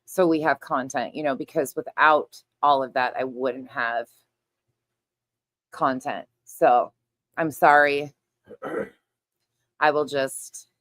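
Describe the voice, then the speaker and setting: A woman's voice: extremely low pitch, no echo. A middle-aged woman hosting a casual livestream chat, talking loosely, laughing often and swearing freely. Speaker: livestream host.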